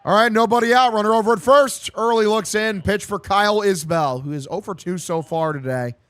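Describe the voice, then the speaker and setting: Fired-up male fan streamer with a sore throat, high pitch, dry close sound, swears freely. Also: brisk, fairly bright tone, no room sound. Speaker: streamer doing a watch-along. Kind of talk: excited casual play-by-play with heavy swearing.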